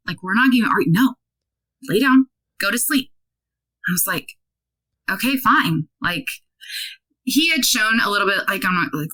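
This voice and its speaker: Bright-voiced woman in her thirties telling a story. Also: medium pitch, poor audio. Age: 30s. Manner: animated, many "like" fillers, acts out quoted dialogue. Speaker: guest. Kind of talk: casual interview storytelling.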